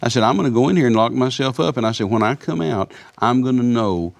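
Older man, gravelly voice, average pitch, folksy storyteller, guest minister, repeats himself. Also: expressive, fast. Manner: folksy, repeats words while telling stories. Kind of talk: storytelling in a broadcast interview.

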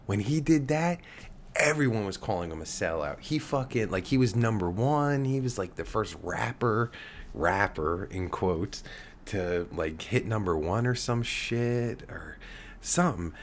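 A man's voice: lowish voice, lively intonation, measured pace, a little hiss or hum. A man around forty rants on a podcast, swearing and rambling with many fillers. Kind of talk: profane podcast rant.

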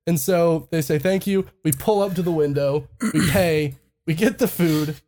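Young podcast co-host telling a profane anecdote, laughing as they go, middle pitch. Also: moderate pace, mellow. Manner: profane, laughs through the story. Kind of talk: casual storytelling.

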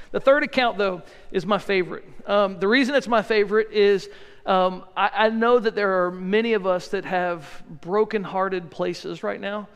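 A man with a high, gravelly voice preaches a sermon, speaking earnestly and conversationally and repeating key phrases to drive them home. He is recorded in a church, and his voice carries a long hall reverb. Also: moderate pace. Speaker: pastor. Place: church sanctuary.

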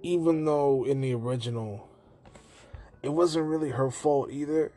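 A man casually and profanely retelling a movie scene on his podcast, slipping into quick put-on voices for the characters. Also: medium pitch, mellow. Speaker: podcast host.

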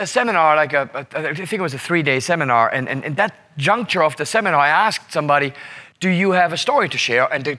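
A man's voice: on the high side, pushed and bright. A man speaking as a leadership seminar presenter, telling a story to the room with emphatic repetition and frequent "right?" checks. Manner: emphatic, repeats words and asks "right?".

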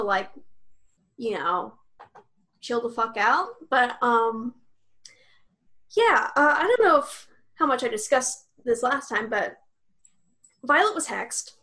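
A high-pitched woman co-hosts a podcast and recaps a tabletop role-playing session. She rambles, swears freely and laughs through the story, briefly acting out what the characters said. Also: pushed and bright. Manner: rambling, profane, laughing often, acting out quotes. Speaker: podcast co-host.

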